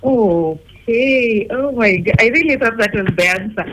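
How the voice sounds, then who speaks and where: A woman phoning in to a radio quiz, animated and excitable as she guesses. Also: a little high, a little slow. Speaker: caller. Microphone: phone line. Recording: noisy phone call.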